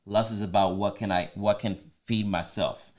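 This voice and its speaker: Man co-host, low voice, earnest casual marriage talk with restarts and teasing asides. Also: fairly even intonation, normal speed, a little mellow. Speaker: podcast co-host.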